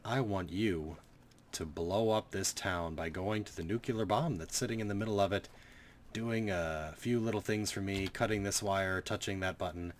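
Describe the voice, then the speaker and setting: A man's voice: deep voice, moderate pace, a little hiss or hum, lightly acted. A man playing a shady suited villain. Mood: offhand. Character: shady suited male villain offering a job.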